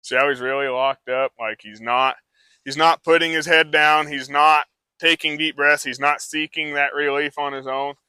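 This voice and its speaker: An easygoing male horse trainer talks a live crowd through his work, loose and chatty. His voice is very bright and a little higher than most men's, with a dry, close sound. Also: fairly even intonation, moderate pace, clear, resonant tone, dry recording. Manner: casual, rambling explanation with many fillers.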